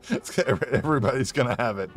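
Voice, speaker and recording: A young man commenting casually while playing a game on stream, laughing often and swearing, rambling loosely. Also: mid-range voice. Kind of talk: casual let's-play commentary. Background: faint game music.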